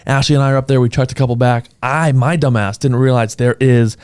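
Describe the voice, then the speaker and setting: Young male podcast host, mid pitch, dry close mic, laughing storyteller. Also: steady tone, darkish tone, clean tone, no echo. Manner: laughing, quick storytelling with quoted asides. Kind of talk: casual chat, animated storytelling.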